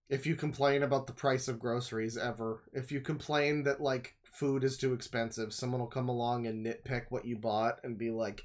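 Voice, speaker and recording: A man's voice: mid-range voice, steady tone, brisk, few pauses. A man from Canada, streaming and reacting to a video with profane, sarcastic, exasperated rants. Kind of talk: casual ranting commentary.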